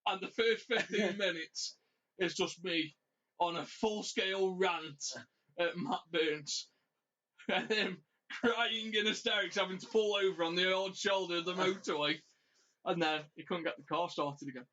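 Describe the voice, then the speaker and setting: A man co-hosting a podcast, telling a road story in an animated, ranting way and swearing freely. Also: sits high, moderate pace. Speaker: podcast co-host. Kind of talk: casual storytelling chat. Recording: dull lo-fi audio.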